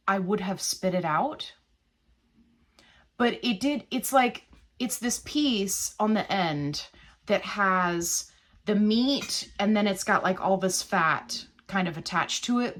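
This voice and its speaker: Chatty woman telling a rambling story. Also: mid-range voice. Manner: chatty, rambling, animated retelling. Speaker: vlogger. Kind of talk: casual storytelling vlog. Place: small old house, cooking at home.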